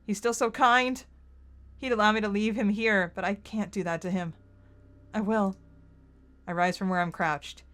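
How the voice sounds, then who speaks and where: A woman's voice: mid-range voice, steady tone, moderate pace, a bit bright. A woman playing a visual novel, reading its narration aloud and reacting emotionally with outbursts. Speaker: game streamer.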